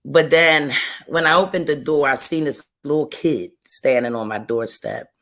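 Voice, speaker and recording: A woman's voice: deep voice, a bit bright. Earnest woman telling a personal testimony. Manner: slow, earnest storytelling with repeated phrases. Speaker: guest author. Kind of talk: emotional personal testimony in an interview.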